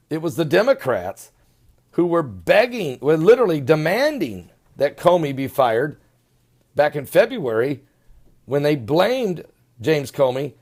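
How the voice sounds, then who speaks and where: Gravelly, emphatic man commenting on news. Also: on the high side. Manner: emphatic and scornful, with stretched-out words. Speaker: host of an online commentary channel.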